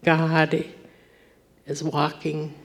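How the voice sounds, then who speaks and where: A woman preacher telling a moving story in a sermon, swinging from forceful to near-whispered. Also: low-pitched, monotone, drawn-out words, creaky.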